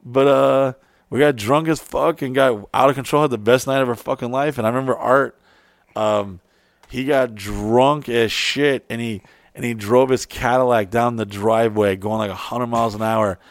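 A man's voice: medium pitch, fairly even intonation, normal speed, dry recording. A man telling a long, crude story in a casual, rambling way, swearing freely and restarting his sentences often. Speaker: podcast co-host telling a story.

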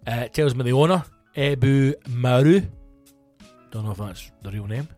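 Scottish guy rambling on his podcast, swears a lot, mid pitched voice, bit of music faint behind. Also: moderate pace, a little mellow, dry recording. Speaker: comedian hosting his own podcast. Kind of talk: casual solo podcast chat.

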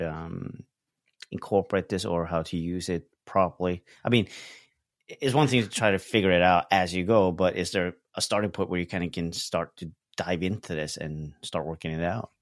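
A man's voice: low-pitched, no echo, studio quality. A man hosting a podcast, asking questions hesitantly with plenty of fillers. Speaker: podcast host. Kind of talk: casual podcast interview.

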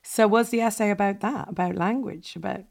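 Podcast host, gravelly edge, encouraging, short prompts. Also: mid-range voice, fairly even intonation, fairly quick, darkish tone. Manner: encouraging, brief prompts and affirmations. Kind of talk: interviewing.

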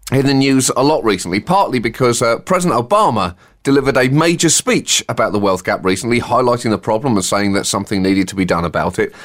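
A man's voice: medium pitch, fairly bright tone. A man co-hosting a satirical comedy podcast, delivering sardonic riffs and chuckling at his own jokes.

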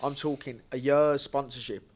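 A man's voice: mid-range voice, steady tone, normal speed, a little mellow. Young brummie guy on a podcast, rambly storyteller, swears a lot, laughs at his own stuff. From Birmingham, England. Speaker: podcast guest, bare knuckle fighter. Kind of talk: casual chat.

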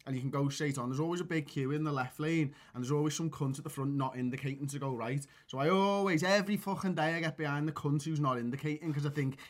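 Fast-talking sweary man. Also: fairly high pitch. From Liverpool, England. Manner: fast, sweary, animated storytelling. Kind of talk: casual podcast chat.

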